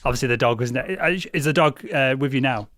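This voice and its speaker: A man's voice: medium pitch, fast, fairly bright tone, no echo, clean studio sound. A young man hosting a podcast, chatting casually with lots of restarts and fillers. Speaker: podcast host. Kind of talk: casual chat.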